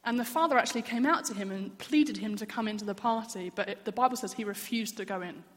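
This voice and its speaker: A woman's voice: medium pitch, quick pace, in a large hall. A woman giving an earnest, personal sermon in a church. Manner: earnest, candid, personal storytelling. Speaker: church speaker.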